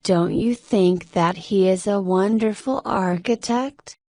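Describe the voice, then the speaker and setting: A smiling old male genie from a storybook , as a woman reads him, formal and courtly. His speech is very slow and deliberate, recorded dry and close. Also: medium pitch, a little mellow, no echo.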